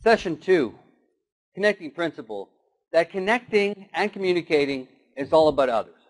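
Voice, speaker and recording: A man's voice: a little high, lively intonation, moderate pace, rough recording. A man giving a motivational keynote talk, telling stories and doing short animal voices. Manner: storytelling with acted animal voices. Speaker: keynote speaker.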